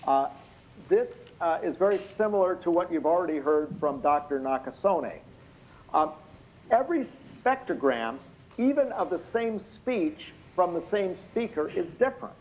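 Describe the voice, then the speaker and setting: A tired, slightly hoarse man giving expert courtroom testimony over a video call, explaining things in a measured way with many hesitant fillers. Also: fairly high pitch. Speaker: expert witness. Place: indoor room at night. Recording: muffled video call audio.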